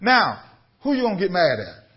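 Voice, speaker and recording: A man's voice: sits high, huge pitch swings, normal speed, muffled recording. A man, a bishop preaching a radio sermon, building up to emphatic repeated questions to his listeners. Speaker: bishop and pastor.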